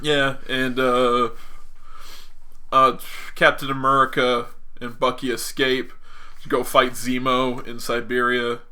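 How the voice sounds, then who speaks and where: A man's voice: mid-range voice, level tone, slow, pushed and bright. A man hosting a podcast, recapping a movie in casual, rambling chat with many fillers and laughs. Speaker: podcast host.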